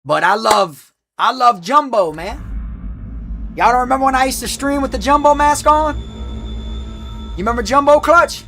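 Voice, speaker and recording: A streamer man with a high, gravelly voice and a bright, forceful edge. He rambles through stories in slang, restarting his sentences, while game music plays faintly behind him. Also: measured pace, pauses often. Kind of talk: casual gaming stream chat.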